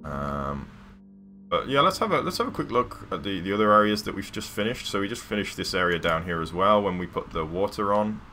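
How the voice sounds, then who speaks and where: Low-voiced bright streamer. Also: male voice, big pitch swings, fairly quick, soft background music. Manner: chatty, rambling, sound-effect interjections. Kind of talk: casual live game commentary.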